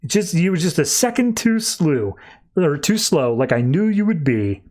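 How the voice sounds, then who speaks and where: A man voicing a young man who turns out to be a scheming villain, his pitch jumping higher when he is alarmed. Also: big pitch swings, a little slow, darkish tone. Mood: gloating.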